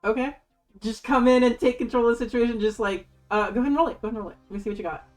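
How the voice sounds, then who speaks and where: Woman game master, excitable and casual, faint music underneath. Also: fairly high pitch, racing. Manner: excitable, casual, swears freely. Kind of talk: running a tabletop game on a stream.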